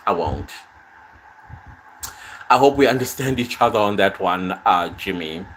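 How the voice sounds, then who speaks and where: A man's voice: fairly low pitch, animated, slow pace, long pauses, bright, forceful tone, a little hiss or hum. A man hosting a casual live stream from his phone, reading viewer comments aloud and answering them in a conversational way.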